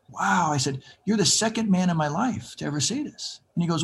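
A man's voice: fairly high pitch, lively intonation, fairly quick, slight background noise. A man in his fifties telling his recovery story as an interview guest, acting out the voices of people he quotes.

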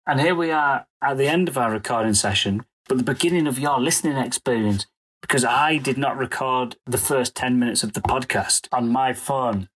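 Husky comedian, self-deprecating. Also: male voice, mid-range voice, moderate pace, a bit bright. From north of England. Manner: self-deprecating, rambling with restarts. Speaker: comedian guest. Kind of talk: casual podcast chat.

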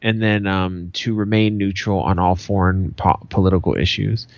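A man's voice: sits low, steady tone, moderate pace, a little mellow, lo-fi sound, a little hiss or hum. A man co-hosting a podcast in casual chat, blunt and sarcastic, swearing freely. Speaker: podcast co-host.

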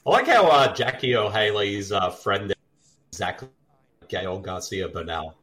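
A man's voice: lowish voice, wildly swooping pitch, measured pace, fairly bright tone. A man co-hosting a podcast, chatting casually over a movie and sharing film trivia, laughing often. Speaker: podcast co-host. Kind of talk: casual movie commentary chat.

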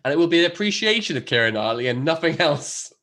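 Lively laughing podcast host. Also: male voice, a little high, quick pace. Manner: laughs often, animated, chatty. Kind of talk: casual chat.

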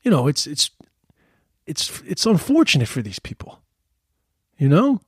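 A man's voice: on the high side, huge pitch swings, unhurried, slightly rough, dry recording, clean studio sound. A man giving heated, profane political commentary in a casual rant, often stumbling and repeating words.

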